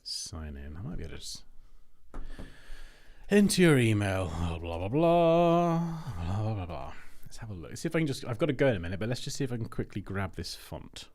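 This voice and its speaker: Casting: man, lowish voice, easygoing livestream host who muses aloud while he works. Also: big pitch swings, quick pace. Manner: chatty, thinking aloud while working on screen. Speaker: livestream host reviewing designs. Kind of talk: casual livestream commentary.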